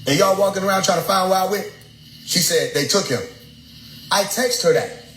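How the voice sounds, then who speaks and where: Young man, slightly high voice, animated and preachy storyteller who swears freely, echoey room with faint noise. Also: moderate pace. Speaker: speaker addressing his followers. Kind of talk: casual storytelling lecture.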